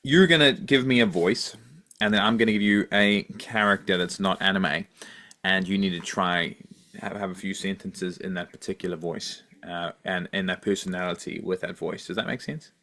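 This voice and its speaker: A man hosting a podcast in casual chat, easygoing and filling pauses with ums. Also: deep voice, fairly even intonation, pushed and bright. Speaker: podcast host.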